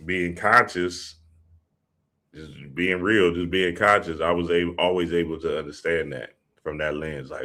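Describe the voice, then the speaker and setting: A man's voice: low voice, steady tone, unhurried, pushed and bright. A man hosting a show, talking in a casual, profane, slang-heavy monologue full of stories. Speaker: podcast host.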